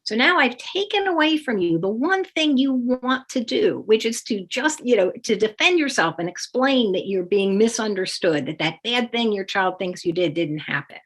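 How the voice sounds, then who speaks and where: A woman coaching parents in a calm, explanatory way, acting out sample phrases to say to a child. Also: on the high side, normal speed, few pauses. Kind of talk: instructional talk with demonstrations.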